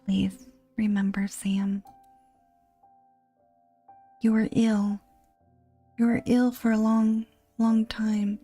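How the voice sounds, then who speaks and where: Woman playing a crying wife begging, whispered role-play, slow and gravelly. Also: medium pitch, little pitch movement, mellow, soft background music. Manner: tearful, begging. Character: grieving sobbing wife, begging.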